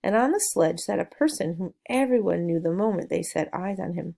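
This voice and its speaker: A woman reading a children's novel aloud, telling the story gently with small asides to the listener. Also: fairly low pitch, lively intonation, fairly quick, gravelly. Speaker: narrator.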